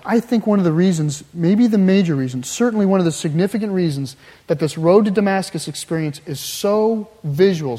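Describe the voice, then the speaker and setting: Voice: medium pitch, mellow. A preacher delivering a sermon, emphatic and building through repeated phrases. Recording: long hall reverb.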